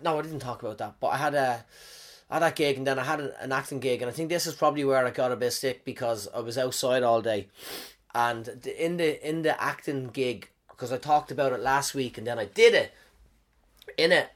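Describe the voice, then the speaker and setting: A man with a head cold rambles through a comic monologue in a slightly high voice. He swears freely, trips over his words and keeps losing his thread, then picks it back up. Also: a bit bright. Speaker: comedian.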